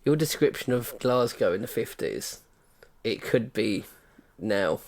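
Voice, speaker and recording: British co-host, casual chat, dry jokey asides, mid-pitched voice. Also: lively intonation, unhurried, gravelly, a little mellow. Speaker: podcast co-host.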